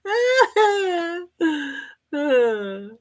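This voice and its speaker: Speaking extremely slowly, this livestream host has an extremely high-pitched voice with big pitch swings. She reads viewer comments in a casual, folksy live chat, laughing often.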